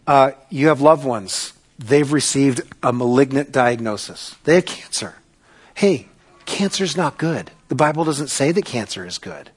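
A man's voice: medium pitch, husky. A man preaching a sermon in a conversational way, putting questions to the congregation. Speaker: pastor.

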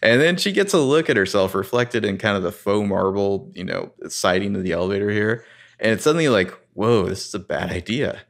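A man's voice: fairly low pitch, lively intonation, fairly quick, creaky, a bit bright. A man hosting a podcast, recapping a TV episode in a casual, rambling way with crude humor. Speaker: podcast host.

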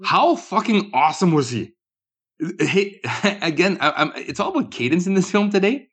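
A man's voice: sits high, very animated, normal speed, a bit bright, breathy edge. A man co-hosting a film podcast, chatting casually and animatedly, chuckling as he quotes scenes. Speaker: podcast co-host. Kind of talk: casual movie review chat.

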